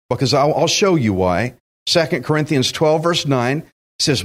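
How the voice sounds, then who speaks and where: A man's voice: on the high side, expressive, normal speed. A man preaching a sermon, emphatic and direct, acting out quotes and speaking to listeners as friends. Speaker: pastor.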